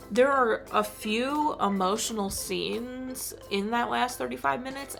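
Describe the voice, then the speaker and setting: A film reviewer vlogger with a medium-pitched, fairly bright voice and vocal fry gives a casual movie review. She rambles in exasperation and says "like" constantly.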